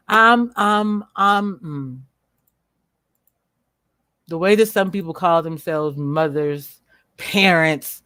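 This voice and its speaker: Woman, livestream host, blunt, profane, ranting, emphatic slow stresses, dry close sound. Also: deep voice, a bit bright, no room sound. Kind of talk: unscripted livestream commentary.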